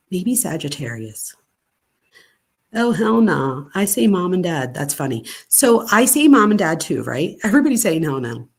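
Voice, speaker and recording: A woman's voice: fairly low pitch, breathy edge. Chatty woman hosting a live stream. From Pennsylvania, United States. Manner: chatty, animated storytelling, answers the chat. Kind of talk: casual live chat reading viewer comments.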